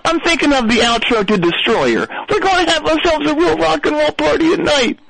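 A boastful, slow-witted Philadelphia stoner rambles on without a care. His voice sits very high and bright, with a thick Philadelphia accent and a lively swing up and down. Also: vocal fry, no room sound, full character voice, low-quality recording. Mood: rambling boastful. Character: brash dim-witted Philly stoner party guy. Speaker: caller. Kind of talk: comedic call-in character bit.

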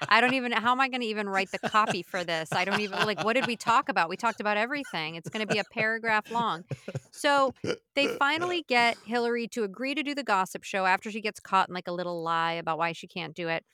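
A woman co-hosting a podcast who gushes with enthusiasm in casual chat. Her voice is bright and smooth, and the close mic sounds dry. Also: medium pitch, fast talker, no echo. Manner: gushing, enthusiastic. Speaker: podcast co-host.

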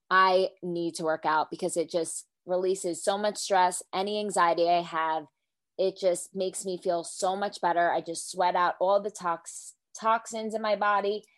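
A woman's voice: on the low side, a bit bright. Candid, swearing young woman podcaster. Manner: candid, emotional, swears freely. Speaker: podcast co-host. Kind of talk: casual solo podcast chat.

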